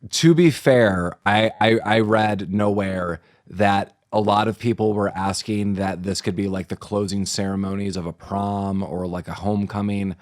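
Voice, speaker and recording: A man's voice: lowish voice, normal speed, hardly any pauses, no echo, studio quality. Laughing, joking podcast co-host man. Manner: laughs often, animated joking asides. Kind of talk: casual chat.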